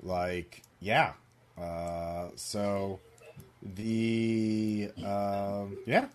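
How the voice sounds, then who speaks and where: A man narrating as game master, rambling with many fillers and pauses. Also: on the low side, level tone.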